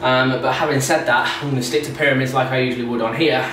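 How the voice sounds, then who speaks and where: A man's voice: medium pitch, steady tone, fast, music in the background. A young man, a fitness vlogger, chatting casually and rambling between sets in his home garage gym, often correcting himself. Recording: echoey garage with loud background noise.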